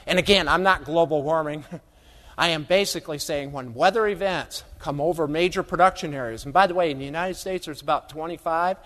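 A man's voice: a little high, a little fast, a bit bright. A man giving a humorous, folksy keynote talk on agricultural economics to a live audience, full of stories and asides. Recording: long hall reverb.

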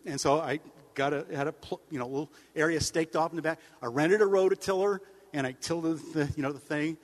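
A man giving a comic speech to a crowd of farmers, deadpan and rambling, with sudden mock-outraged jumps in pitch. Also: a little fast. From United States. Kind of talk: stand-up style speech to an audience. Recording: long hall reverb.

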